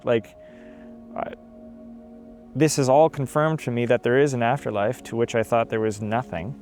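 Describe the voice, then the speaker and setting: Halting young man recounting testimony. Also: medium pitch, steady tone, darkish tone, faint music behind. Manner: halting, filler-heavy, repeats words when emotional. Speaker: testimony guest. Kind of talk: personal testimony storytelling.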